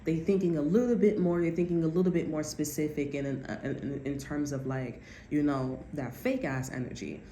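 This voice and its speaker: A woman's voice: deep voice, steady tone, normal speed, few pauses, warm tone, echoey room, a little hiss or hum. A woman giving a casual tarot reading, blunt and profane, often slipping into other people's voices. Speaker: tarot card reader.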